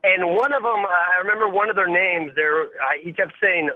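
A man's voice: high-pitched, normal speed. A man in his forties calling in to a radio show, eager and friendly, stumbling over his words as he tells a story. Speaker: caller. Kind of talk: phone-in storytelling. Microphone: telephone. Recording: tinny telephone line.

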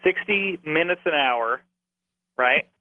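A man, a radio guest, reasoning things through out loud in a casual way and laughing often, heard over the telephone. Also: a little high, lively intonation, slow pace, dry recording. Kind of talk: casual talk on a phone-in. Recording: tinny phone line.

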